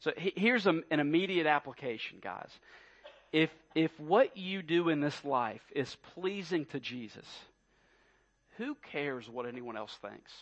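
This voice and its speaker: A man's voice: a little high, lively intonation, unhurried, fairly bright tone, highs cut off. A man preaching a sermon, emphatic and full of rhetorical questions, often repeating his words. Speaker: pastor.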